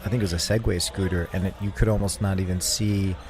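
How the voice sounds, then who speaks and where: Low-voiced Australian man explaining gadgets. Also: fairly even intonation, quick pace. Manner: explanatory, hesitant with fillers. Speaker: co-host. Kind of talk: casual chat. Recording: radio podcast with faint background noise.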